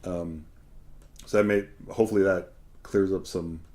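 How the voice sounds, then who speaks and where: A man gives a one-on-one acting lesson in a mellow, somewhat low voice. He explains each idea patiently and keeps checking in with his student. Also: steady tone, moderate pace. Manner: patient and explanatory, often asks "right?". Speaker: acting teacher. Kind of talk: one-on-one coaching talk.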